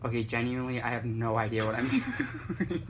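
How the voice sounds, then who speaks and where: A young woman with a low, lively voice hosts a casual makeover video with her friend. She teases, giggles and gives playful orders. The recording is noisy. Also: normal speed. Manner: teasing, giggly, bossy. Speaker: YouTuber doing a makeover.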